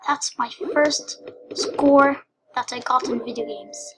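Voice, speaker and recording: A woman giving casual commentary on a game she is playing, excitable, dropping into whispered asides and then breaking into squealing cheers. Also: fairly high pitch, takes it slowly, long pauses, noisy background. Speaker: gameplay commentator.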